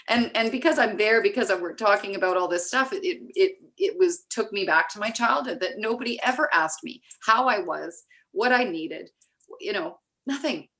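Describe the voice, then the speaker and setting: A Canadian woman speaking as a guest in a candid personal conversation, reflective and halting, with many restarts. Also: medium pitch, a bit bright. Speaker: guest, recovery advocate.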